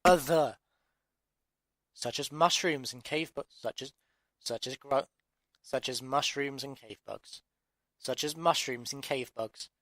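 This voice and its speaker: Reading slowly and pausing often, an Englishman with a medium-pitched, somewhat bright voice narrates his own story without any echo. The clip consists of audiobook outtakes, with constant restarts and exasperated self-talk.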